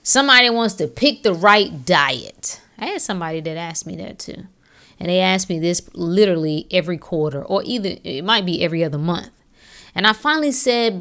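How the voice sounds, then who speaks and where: A woman's voice: medium pitch, lively intonation, normal speed, fairly bright tone. A woman hosting a health and wellness podcast, talking casually in a preachy style, firing off rhetorical questions and slang. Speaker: podcast host. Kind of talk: casual motivational podcast talk.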